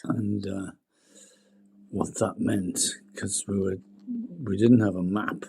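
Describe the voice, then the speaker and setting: A man, co-hosting a podcast in easygoing conversation. His voice sits low and sounds mellow and warm. He tells anecdotes unhurriedly and laughs along as he goes. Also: slow pace, gravelly, slight background noise. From Liverpool. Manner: relaxed anecdotal storytelling with frequent laughs. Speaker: podcast co-host. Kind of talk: casual chat.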